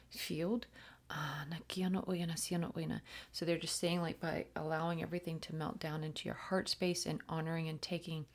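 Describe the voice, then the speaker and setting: A woman giving a channeled spiritual reading, slipping between plain talk and a flowing chant of invented syllables, soft-spoken and often falling to a whisper, halting with many fillers. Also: deep voice, gravelly.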